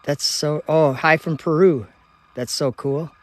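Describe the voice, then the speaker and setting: A man's voice: on the high side, fairly even intonation, measured pace. A man from Minnesota hosting a casual live stream outdoors at night, chatting with viewers, reading their comments aloud and laughing easily, recorded on a phone. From United States (Minnesota). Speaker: livestream host.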